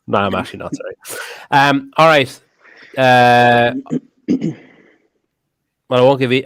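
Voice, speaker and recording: A man's voice: fairly low pitch, a bit bright, clear, resonant tone, no room sound, clean studio sound. A man hosting a podcast in casual chat, blunt and rambling, swearing freely. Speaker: podcast host.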